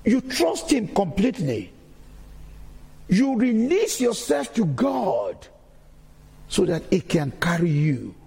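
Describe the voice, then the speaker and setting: A man's voice: sits high, huge pitch swings, slow pace, creaky, pauses often, darkish tone, slightly rough, long reverb tail. A man giving a sermon-style testimony in a church, repeating key phrases as he preaches.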